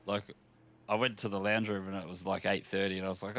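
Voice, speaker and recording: A man telling stories in casual chat during a sim racing stream, animated and full of swearing. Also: low-pitched, fairly quick, dull audio. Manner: animated, profane storyteller.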